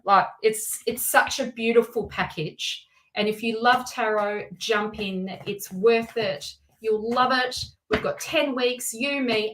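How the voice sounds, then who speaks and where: Excitable chatty woman hosting a live stream. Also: on the high side, slight background noise, rough recording. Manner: excitable and chatty, with many restarts and asides. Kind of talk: casual live-stream chat.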